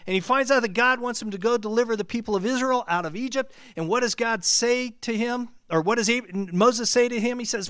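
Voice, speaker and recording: A man preaching a sermon, shifting from relaxed, conversational teaching to a rising, shouted climax. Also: high-pitched, fairly quick, few pauses, clean tone, no room sound, studio quality.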